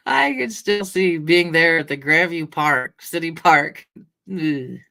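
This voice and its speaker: Speaking slowly in a low voice that sounds pushed and bright, a middle-aged livestream host from Washington State chats casually with her live chat. She meanders through stories, often laughing and greeting viewers by name.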